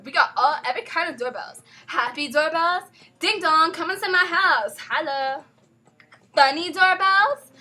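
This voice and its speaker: A woman acting as a perky female spokeswoman in a homemade mock TV commercial for doorbells, delivering a giggly sales pitch. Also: bright, forceful tone, full character voice.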